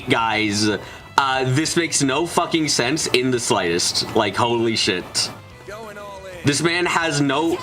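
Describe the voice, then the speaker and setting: A man's voice: medium pitch, bright, forceful tone. Exasperated, swearing gameplay commentator man. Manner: incredulous, profane, exasperated. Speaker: let's play host.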